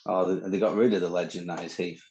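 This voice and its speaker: Gravelly low-voiced man with northern English accent. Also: steady tone, fast talker, dark tone, muffled recording. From northern England. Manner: bantering, chatty, teasing. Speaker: podcast co-host. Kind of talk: casual chat.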